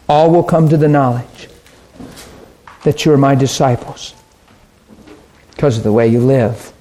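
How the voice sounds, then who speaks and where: A man preaching a sermon, animated and chatty, acting out harsh voices and laughing often. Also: mid-range voice.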